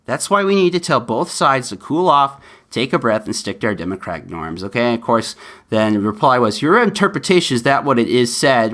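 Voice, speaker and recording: A man's voice: mid-range voice, a bit bright. A man hosting his own podcast talks alone to his listeners. He speaks earnestly and often pleads with them. His talk is loose and full of ums and uhs. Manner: earnest and pleading, with frequent fillers. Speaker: podcast host. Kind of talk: solo podcast monologue.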